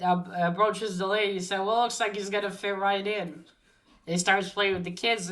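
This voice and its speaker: A woman's voice: medium pitch, a bit bright. Woman retelling a comic, full of fillers. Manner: hesitant, many fillers and restarts. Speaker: comic book reviewer. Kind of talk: casual retelling of a comic plot.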